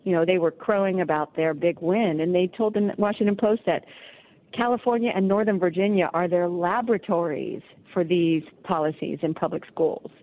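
A woman's voice: fairly low pitch, moderate pace. A woman guest on a radio talk show, speaking emphatically and indignantly by phone. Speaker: guest, policy fellow. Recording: tinny phone line.

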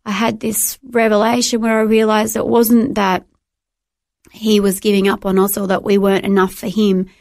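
Earnest Australian woman with gravelly fry. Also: medium pitch, flat delivery, a little mellow, dry recording, studio quality. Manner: earnest, emotional, halting with repeated restarts. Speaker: guest. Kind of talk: personal testimony in a faith interview.

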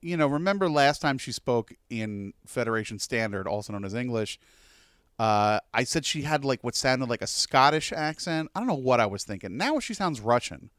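A man's voice: mid-range voice, expressive, moderate pace, a bit bright, clear, resonant tone, dry recording, clean studio sound. A man co-hosting a podcast, chatting casually and rambling about a TV episode with lots of fillers. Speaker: podcast co-host.

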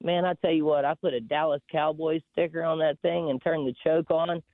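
A man's voice: a little high, fairly even intonation, fairly quick, dry recording. Southern man calling in by phone. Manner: folksy storytelling. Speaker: caller. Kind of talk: call-in trash talk. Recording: tinny phone line.

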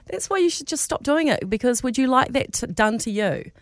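An emphatic New Zealand woman hosting a radio show, making her points with conviction. Her voice is a touch high and sounds dry in the studio. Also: animated, brisk, no echo. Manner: earnest, preachy, emphatic. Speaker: radio host. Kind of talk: radio talk show chat.

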